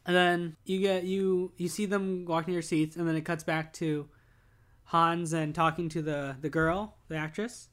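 A speaker with a middle-pitched voice, going back and forth with a friend about a film. They swear and laugh freely and drop into the characters' voices when they quote them. The talk is loose and unscripted. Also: level tone, normal speed, a bit bright, smooth. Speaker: podcast co-host recapping a film. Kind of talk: casual chat.

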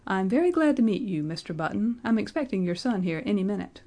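A woman's voice: mid-range voice, very animated, quick pace, mellow. A woman reading aloud, voicing a stern, impatient male college registrar who scolds sharply. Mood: polite, doubtful. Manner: polite then stern and scolding.

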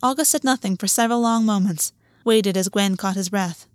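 A woman's voice: medium pitch, a little fast, no room sound. Woman reading a story, dry sound. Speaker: audiobook narrator. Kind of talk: scripted story narration.

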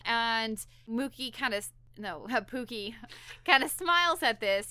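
A woman co-hosting a podcast, recapping a TV episode in animated, talkative chat with lots of "like" and restarts. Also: fairly high pitch, unhurried, clean tone, no room sound. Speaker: podcast co-host.

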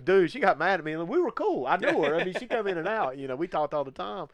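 A man's voice: sits high, quick pace, no echo, muffled recording. A man hosting a podcast in casual chat, swearing freely and laughing often. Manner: profane, animated, laughs often. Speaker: podcast host.

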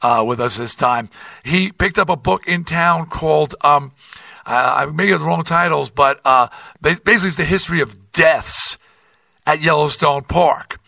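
An older man hosting his own podcast, telling a rambling, animated story with many restarts and asides. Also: fairly high pitch, normal speed, vocal fry, dry recording, far from the mic. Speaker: podcast host. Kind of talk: casual monologue.

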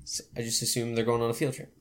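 A man's voice: medium pitch, monotone, fast talker, a bit bright. A Canadian man co-hosting a casual podcast, joking and swearing freely as he acts out quoted people. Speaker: podcast co-host. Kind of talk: casual chat.

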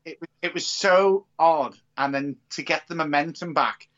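A man co-hosting a podcast in casual chat, animated and swearing freely. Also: on the high side, measured pace. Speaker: podcast co-host. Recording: dull lo-fi recording.

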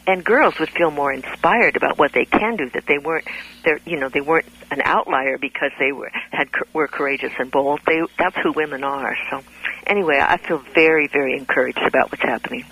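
A woman speaks as a guest on a radio interview. Her voice is low for a woman but bright and keen. She talks earnestly and often breaks off to restart her sentences. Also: a little fast, slightly rough, rough recording. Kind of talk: interview conversation.

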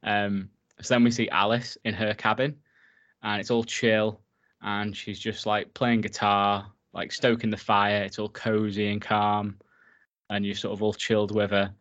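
A man's voice: fairly low pitch, flat delivery, measured pace, a bit bright, highs cut off. A man casually recapping a horror film for his co-host, enthusiastic and swearing freely. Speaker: podcast co-host.

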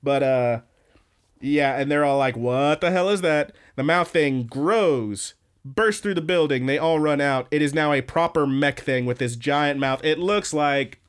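A man in the middle of an easygoing podcast recap, talking at an average pitch and pace. He rambles through the episode, swearing freely and stopping often to restart his sentences. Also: smooth. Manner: rambling, profane, lots of fillers and restarts. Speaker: podcast host. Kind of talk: casual anime episode recap.

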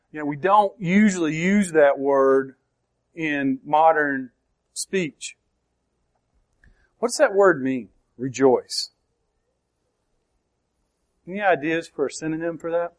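A man preaching a sermon, slow and emphatic, asking the congregation questions as he explains a verse. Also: on the high side. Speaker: pastor.

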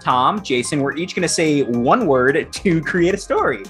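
A man narrating a tabletop role-playing game as game master, halting and full of fillers, often laughing. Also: on the high side, lively intonation, a bit bright, soft background music.

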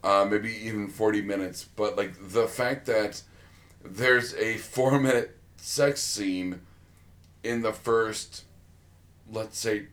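On a podcast, a male co-host with a lowish, slightly bright voice chats casually at a slow pace. He rambles, full of fillers and restarts.

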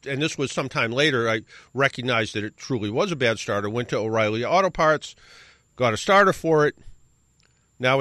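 A middle-aged man hosts a radio show and tells a long, casual story. His pitch swings up and down a lot. He corrects himself often and adds wry asides, and his voice sounds dry and close. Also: bright, forceful tone, no room sound. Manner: rambling, self-correcting anecdote with wry asides.

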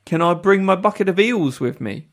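A man's voice: high voice, lively intonation. An American man voicing an eager, cheeky male fishmonger recruit in a put-on British accent for an improvised comedy skit. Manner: cheeky, eager, quick with sayings.

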